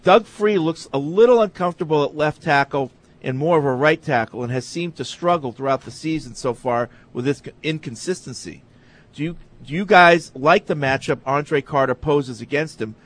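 A man co-hosting a sports talk show, reading listener emails in an easygoing, steady way. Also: fairly high pitch, moderate pace.

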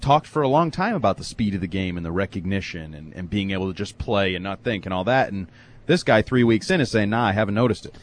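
A man co-hosting a sports talk radio show, relaxed and matter-of-fact. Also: low-pitched, fast.

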